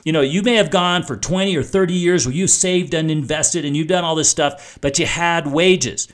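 A middle-aged man hosting a finance radio show, explaining things in a conversational way with frequent restarts. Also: a little high. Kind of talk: talk radio monologue.

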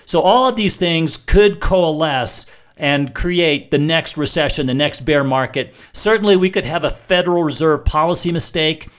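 A man's voice: on the high side, moderate pace, fairly bright tone. A middle-aged man hosting a finance radio show, explaining things in a conversational way with frequent restarts. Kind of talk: talk radio monologue.

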